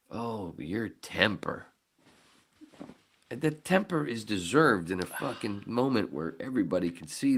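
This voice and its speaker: A man hosting a podcast, telling a story casually with lots of swearing and acting out his own shouting. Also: sits low, creaky, slightly rough. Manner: profane, animated, acts out his own shouting. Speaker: podcast host.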